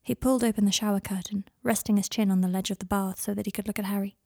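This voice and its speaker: A woman reading her own story aloud as author and narrator, in a soft, even storytelling manner. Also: mid-range voice, fast talker, creaky, no room sound, studio quality.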